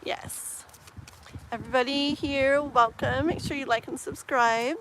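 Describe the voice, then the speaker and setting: A woman giving a live-stream tarot reading in a casual, filler-heavy way, slowing to muse aloud as she shuffles. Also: high-pitched, steady tone, noisy background. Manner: slows down and muses while shuffling. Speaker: tarot reader.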